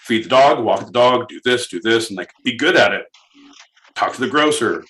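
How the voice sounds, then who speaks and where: A young man co-hosting a podcast, animated, jokey and a bit profane. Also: mid-range voice, normal speed. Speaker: podcast co-host. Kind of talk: casual comedy chat.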